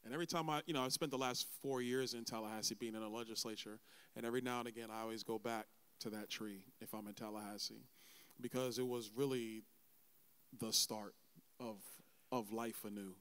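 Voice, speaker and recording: Smooth-voiced man telling his testimony. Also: medium pitch, steady tone, a little fast, a bit bright. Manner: conversational, acts out quoted voices. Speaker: event host and interviewer. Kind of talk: personal testimony storytelling.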